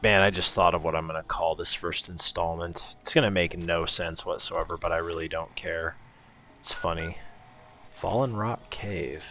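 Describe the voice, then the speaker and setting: A man giving relaxed, casual let's-play commentary, musing to himself as he explores. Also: low-pitched, moderate pace, soft background music. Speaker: gameplay commentator.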